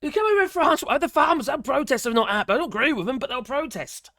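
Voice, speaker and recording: A woman's voice: high voice, fast talker, dry recording, studio quality. A woman, middle-aged, ranting sarcastically and indignantly as she comments on a news article, with bursts of mild swearing. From Britain. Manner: animated rant, voice jumps up when outraged.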